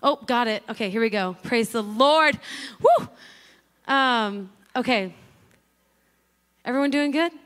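A woman in her thirties preaches to a young crowd in a high, lifted voice. She talks fast and loose, drifts into asides and fillers, then surges with excitement. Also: smooth. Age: 30s. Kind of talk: casual youth sermon.

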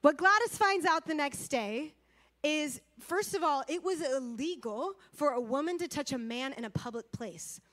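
A woman's voice: high-pitched, moderate pace. A woman preaching a sermon, telling a story with energy, acting out quotes and speaking straight to her audience. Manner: lively, acts out quotes, addresses audience directly.

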